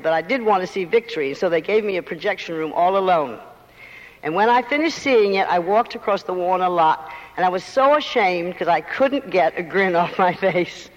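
A woman's voice: lowish voice, animated, brisk, in a large hall, highs cut off. An older woman with a mid-Atlantic accent, a guest talking emphatically and theatrically in a live on-stage interview, often laughing.

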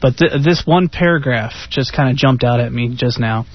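A man's voice: medium pitch, normal speed. A man on a radio talk show reading an article aloud, hesitant, with frequent fillers. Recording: dull, lo-fi radio sound.

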